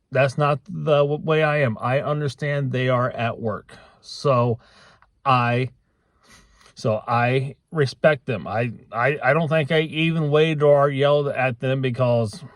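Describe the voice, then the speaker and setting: A middle-aged man talking casually to camera in a vlog, halting with frequent restarts and fillers. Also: mid-range voice, no echo, clean studio sound. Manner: halting, many restarts and ums. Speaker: vlogger.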